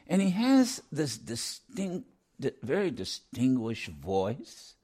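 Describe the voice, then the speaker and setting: A man's voice: medium pitch, husky. An older man co-hosting a talk show from his home studio, commenting casually with frequent restarts as his thoughts run ahead of his words. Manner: animated, restarts often, quickens when excited. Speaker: radio show co-host.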